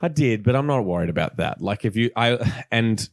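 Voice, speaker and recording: A man's voice: fairly low pitch, expressive, moderate pace, gravelly, no room sound, clean studio sound. A man co-hosting a podcast, chatting animatedly, laughing often and swearing casually. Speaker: podcast co-host. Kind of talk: casual banter.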